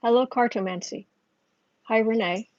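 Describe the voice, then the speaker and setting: A woman hosting a casual psychic tarot livestream at home, chatting with viewers and pausing often with fillers. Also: on the high side, darkish tone, no room sound. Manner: chatty, answers viewers' chat, halting with fillers. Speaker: tarot reader and livestream host. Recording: dull lo-fi stream audio.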